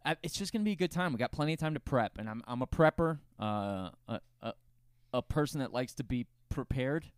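A man's voice: medium pitch, animated, fairly quick, smooth, no room sound, clean studio sound. A man co-hosting a casual podcast, upbeat and jokey, quizzing his co-host. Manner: upbeat, jokey, asks questions.

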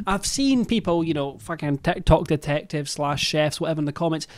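A man's voice: a little high, expressive, fairly quick. A Scottish man giving casual reaction commentary, incredulous and joking and swearing freely. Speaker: YouTube commentator.

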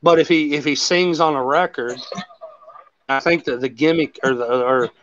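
This host's voice runs on the higher side at a moderate pace, captured in dull audio without room sound. He chats casually, rambling and swearing as he tells animated stories.

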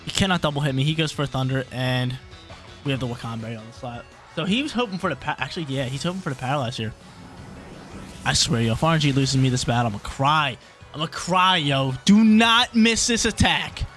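A young man talks through his online battle as it plays out, thinking aloud and repeating himself when things get tense. His voice sits at an ordinary male pitch. Faint music plays under his talk. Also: animated, quick pace, fairly bright tone. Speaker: gaming YouTuber. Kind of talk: live gameplay commentary.

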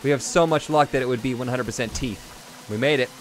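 A young man commenting on his own game run, excitable, swinging from quick mumbles to loud whoops and swearing freely. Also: medium pitch. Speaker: gaming YouTuber. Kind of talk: Let's Play commentary. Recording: game music playing behind.

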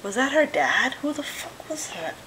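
A woman's voice: high-pitched, big pitch swings, normal speed, sharp tone, slight background noise, low-quality recording. A woman vlogger giving casual reaction commentary, blunt and swearing freely as she talks back at the screen. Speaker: vlogger reacting to a music video.

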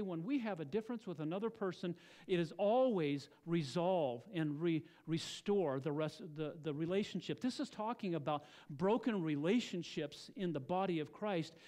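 A male pastor with a fairly high-pitched voice delivers a church sermon. He speaks earnestly and keeps turning to his listeners with rhetorical questions. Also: a little mellow.

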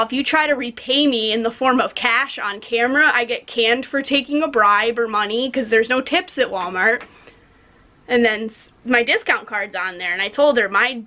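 A woman's voice: a little high, bright, forceful tone. A young woman from the United States, a cashier ranting bluntly about customers in a casual vlog, swearing freely and saying "like" a lot. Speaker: vlogger, retail cashier.

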